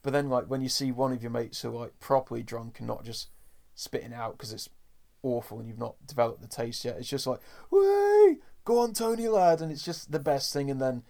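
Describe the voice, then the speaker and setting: Young man, podcast host, casual rambling chat, gravelly fry. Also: mid-range voice, level tone, brisk. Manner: rambling, filler-heavy, playfully acts out quotes. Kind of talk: casual chat reviewing a cartoon episode.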